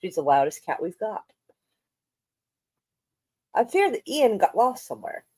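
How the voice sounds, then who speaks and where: Rambling, lively-voiced woman streamer. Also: medium pitch, unhurried, no room sound. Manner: rambling, offhand, swears casually. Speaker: streamer host. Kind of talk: casual live-stream chat.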